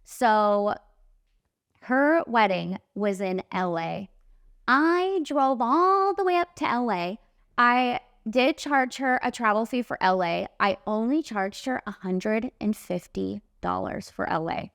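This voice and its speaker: A woman in her late twenties, a podcast host and makeup artist, telling a story in an animated, emphatic way, full of "like" and "literally.". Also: a little high, slow, creaky, clear, resonant tone, no room sound, clean studio sound. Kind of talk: casual storytelling monologue.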